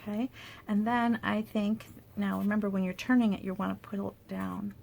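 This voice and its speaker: A woman demonstrating paper crafts in a casual tutorial, chatty and thinking aloud with soft asides under her breath. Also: medium pitch, flat delivery, normal speed, gravelly, slight background noise.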